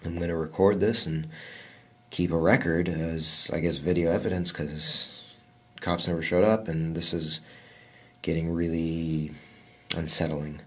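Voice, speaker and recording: A man's voice: deep voice, level tone, measured pace, husky. A young man talking hesitantly and nervously, full of fillers and restarts. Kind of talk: casual phone call and self-recording.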